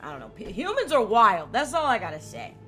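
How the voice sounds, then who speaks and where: A woman's voice: fairly high pitch, wildly swooping pitch, fairly quick, fairly bright tone, slight background noise. A woman game streamer rambling casually while she plays, chatty and swearing freely. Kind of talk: casual gaming commentary.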